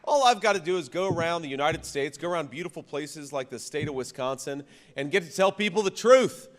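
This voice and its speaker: A man, a vice-presidential candidate, gives a political rally speech. He repeats punchy slogans, shouts the big lines, and often restarts his sentences. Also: on the high side, lively intonation, a little fast, in a large hall. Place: campaign rally venue.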